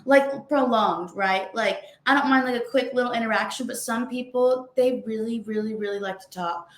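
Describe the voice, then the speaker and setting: A woman's voice: a little high, normal speed, echoey room. A young woman, co-hosting a podcast and chatting bluntly, full of "like". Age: young adult. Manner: chatty, blunt storytelling with lots of "like". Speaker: podcast co-host. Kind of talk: casual chat.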